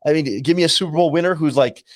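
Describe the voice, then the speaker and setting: A man, a guest analyst on a sports talk show, reasoning aloud in a halting way with many restarts. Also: on the high side, no room sound, clean studio sound. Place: remote call.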